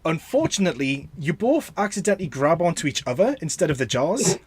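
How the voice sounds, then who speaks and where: A man running a tabletop game as its game master. He narrates in an animated, up-and-down voice that sits a little high. He pauses and laughs often as he improvises. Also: breathy edge, no echo. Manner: lively, laughing, halting narration.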